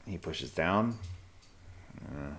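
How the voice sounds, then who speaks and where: A man streaming live chess, thinking aloud in halting, muttered bursts as he calculates moves. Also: deep voice, expressive, a bit bright.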